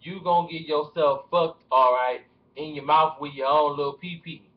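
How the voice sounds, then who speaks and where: A man putting on an impression of a swaggering male rapper, drawling profane threats slowly, recorded with dull lo-fi webcam sound. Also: fairly high pitch, steady tone, close to an everyday voice. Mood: menacing. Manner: menacing, profane, slow drawl.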